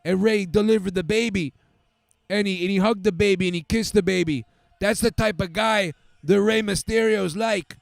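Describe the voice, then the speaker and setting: A man's voice: high voice, moderate pace, creaky, no echo. Man doing a crude rapper impression, put-on accent. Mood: boastful storytelling. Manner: crude, rambling tall tale. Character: impression of a famous laid-back male rapper.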